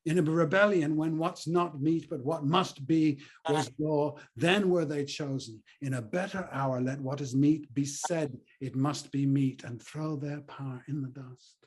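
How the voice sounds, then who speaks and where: An actor playing a proud, fierce Roman general with a husky voice, speaking in a scornful, declamatory way. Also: male voice, fairly high pitch, measured pace, hardly any pauses. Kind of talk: stage play reading.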